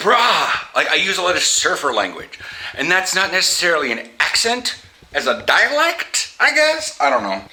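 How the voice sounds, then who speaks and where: A man from the US Pacific Northwest giving opinionated vlog commentary, halting and restarting his sentences, with wry asides. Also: a little high, very animated, bright, forceful tone, slight background noise, rough recording. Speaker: vlogger.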